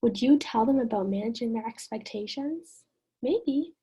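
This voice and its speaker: Gentle encouraging woman teacher, husky voice. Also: fairly high pitch, lively intonation, normal speed, lo-fi sound. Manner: gentle, encouraging, often asks the listener. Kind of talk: online lesson.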